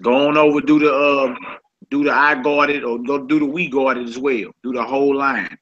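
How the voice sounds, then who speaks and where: A man's voice: mid-range voice, fairly even intonation, moderate pace, a bit bright. A man leading a casual group lesson in a laid-back, colloquial way, often repeating himself. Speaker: Hebrew teacher. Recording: dull lo-fi recording.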